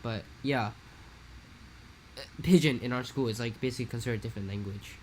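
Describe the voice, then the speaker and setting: A young man from Hawaii, telling a rambling, animated story in a casual podcast chat. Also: medium pitch, a little fast, a little hiss or hum. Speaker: podcast co-host.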